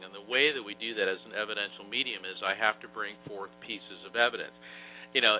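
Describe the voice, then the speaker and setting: A man working as an evidential medium, chatting in an interview and telling lively anecdotes. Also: on the low side. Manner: lively storyteller, laughs while telling anecdotes. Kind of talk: casual interview talk. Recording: tinny phone line with faint hum.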